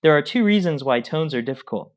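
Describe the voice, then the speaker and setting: A man co-teaching a scripted Mandarin pronunciation lesson, explaining points in a calm, measured way. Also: on the high side.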